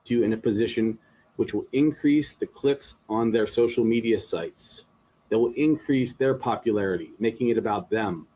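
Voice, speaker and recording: A man's voice: lowish voice, moderate pace, dark tone, husky. A man making a stern, scolding statement at a press conference.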